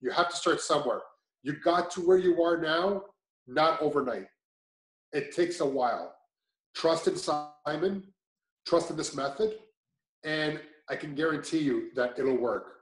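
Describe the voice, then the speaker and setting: Brief: man, a bit high, rambling testimonial, echoey room. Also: measured pace. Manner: rambling, many restarts and fillers. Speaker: client giving a testimonial. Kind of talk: casual testimonial chat.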